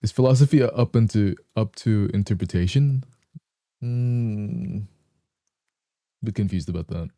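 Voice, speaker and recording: A young man chatting casually with viewers on a live stream, clearing a morning voice from his throat. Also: lowish voice, unhurried, pauses often, mellow, dry recording, studio quality. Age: young adult.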